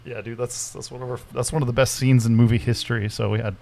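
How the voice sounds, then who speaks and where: Profane, animated podcast co-host. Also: male voice, mid-range voice, fast talker, vocal fry. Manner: loose, profane, animated storytelling. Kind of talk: casual chat.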